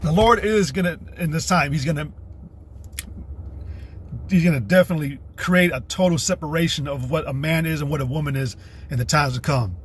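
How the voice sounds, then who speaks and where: Speaking a little fast in a fairly high voice, this livestream host rants about religion in a combative, rambling, profane way. He reads scripture aloud between scornful bursts and curses freely, over a little hiss or hum.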